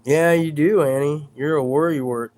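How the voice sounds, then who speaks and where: A man's voice: a little high, steady tone, moderate pace, a little mellow. A man hosting a live stream in a casual, rambling chat, reading out viewer comments and stumbling over his words in a self-deprecating way.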